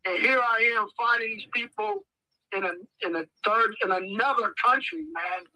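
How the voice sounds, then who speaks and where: A man's voice: extremely high pitch, moderate pace, dry recording, low-quality recording. A man, telling stories on a podcast as a guest and acting out the voices of the people in them. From United States. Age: 50s. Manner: animated, acts out voices in his stories. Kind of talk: casual storytelling.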